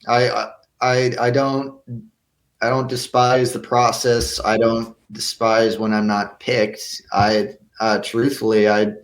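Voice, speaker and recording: A man's voice: medium pitch, little pitch movement, slow. A young man, an actor, answering interview questions earnestly, often restarting his sentences. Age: young adult. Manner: earnest, with many restarts and stammered repeats. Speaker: guest actor.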